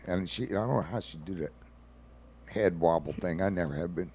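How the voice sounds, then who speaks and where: A man's voice: low-pitched, fairly even intonation, moderate pace, darkish tone. A man, a regular on a radio show, telling rambling stories in casual talk with folksy asides.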